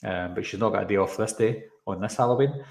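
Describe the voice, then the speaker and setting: A man's voice: lowish voice, quick pace, creaky. A man hosting a live stream, chatting casually as he breaks down a trailer. He rambles, drifts onto tangents and answers chat comments along the way. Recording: roomy echoey room sound.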